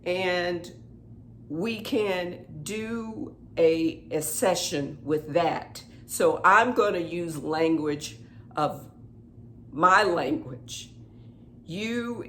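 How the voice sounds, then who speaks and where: Slow-spoken woman guiding a tapping session. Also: lowish voice, a bit bright, a little hiss or hum. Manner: slow, repeated affirmations spoken aloud. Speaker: EFT tapping guide.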